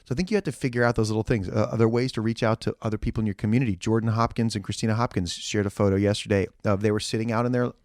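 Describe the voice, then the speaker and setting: A man's voice: fairly low pitch, steady tone, rapid-fire, few pauses, a little mellow, no room sound, studio quality. A man co-hosting a church podcast in casual chat, earnest and ranting in bursts with frequent restarts.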